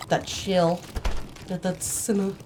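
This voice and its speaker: A woman commentating her own gameplay, swearing and yelling at the screen in sudden bursts, sometimes putting on a playful old-fashioned voice, on a cheap mic. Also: on the low side, a little hiss or hum. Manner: excitable, swears a lot, sudden outbursts. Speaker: gaming channel host. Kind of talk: solo game commentary. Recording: cheap mic, faint game music.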